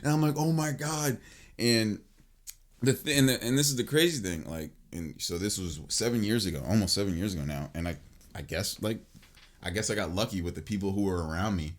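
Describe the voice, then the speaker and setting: Lower-voiced man in his late twenties telling a story. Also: a little fast. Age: late 20s. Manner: animated and profane, filled with "like" and restarts. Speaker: podcast host. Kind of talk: casual storytelling.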